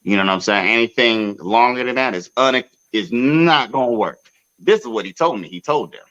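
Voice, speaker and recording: Animated man telling a heated story. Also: medium pitch, moderate pace, highs cut off. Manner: animated, profane, jumps to loud outbursts. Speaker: podcast host. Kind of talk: casual storytelling.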